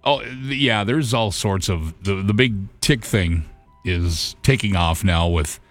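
A man's voice: fairly low pitch, measured pace, no echo, faint music behind. A man co-hosting a radio show, conversational and agreeable, chiming in and laughing along. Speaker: radio co-host. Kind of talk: casual radio banter.

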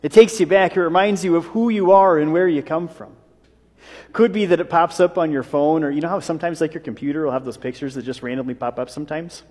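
A man preaching a sermon in a church, his voice carried on the long reverb of the hall. His pitch sits a little high for a man, and he talks in an easy, conversational way, slipping in jokes and asides. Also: quick pace, a little mellow. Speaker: pastor.

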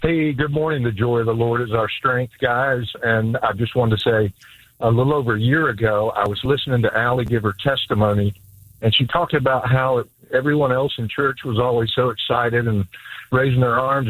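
A man's voice: mid-range voice, fairly even intonation, brisk, fairly bright tone, dry recording, rough recording. A man phoning in to a radio show, with a dry, close sound. He speaks earnestly and from the heart. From Florida. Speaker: caller.

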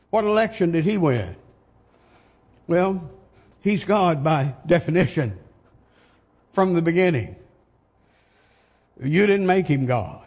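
Slow, husky-voiced older preacher. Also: male voice, on the high side, a little mellow, in a large hall. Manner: emphatic rhetorical questions. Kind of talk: sermon.

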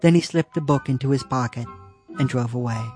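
A man's voice: medium pitch, a little fast, a little mellow, faint music behind. Man dryly reading a humorous essay. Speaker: author reading his own story.

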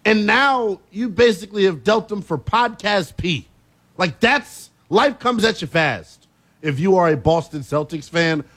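A man hosting a sports talk radio show, emphatic and quick to laugh as he argues his takes. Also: high voice. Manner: animated, emphatic, laughs easily.

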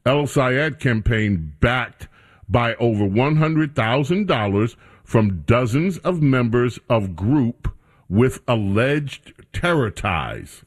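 A man's voice: medium pitch, expressive, slow pace. A man hosting a talk radio show, bantering with his studio crew in a casual commentary style.

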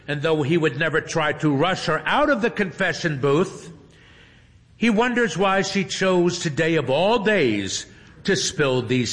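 Slow, lively wry male storyteller. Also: fairly high pitch, long reverb tail. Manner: wry, deadpan humor. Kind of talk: scripted narration.

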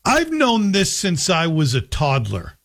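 A man's voice: fairly high pitch, wildly swooping pitch, unhurried, fairly bright tone. A man hosting a radio talk show, delivering a sardonic, joking opinion monologue. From Scotland. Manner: sardonic, joking, slips into a Scottish voice for anecdotes.

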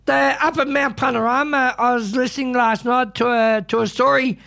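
An Australian man hosting a community radio show, talking in a halting way with lots of fillers and restarts, and full of strong opinions. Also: very high-pitched, fairly even intonation, creaky, pushed and bright. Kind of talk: casual radio chat.

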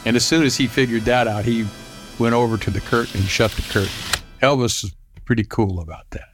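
A man's voice: mid-range voice, fairly quick, over music. An older man from Southern California telling a rambling personal story, lifting his voice when he acts out what others said. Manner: rambling, lifts his voice to act out quoted lines. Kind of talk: personal anecdote.

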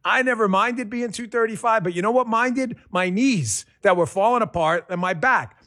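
Animated, emphatic man doing a host-read ad. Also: sits high, normal speed, no room sound, studio quality. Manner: animated, chatty salesman energy, emphatic. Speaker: radio host reading a sponsor ad.

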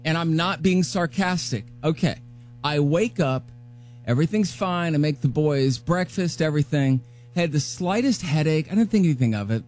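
A man hosting a morning radio show, telling a personal story in a casual, animated way and acting out his own remarks. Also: a little high, normal speed, faint music behind.

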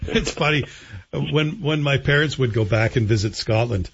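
A man hosting a radio talk show, speaking in a measured, reflective way. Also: mid-range voice, gravelly, a bit bright, breathy edge, muffled recording. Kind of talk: radio interview and read ad.

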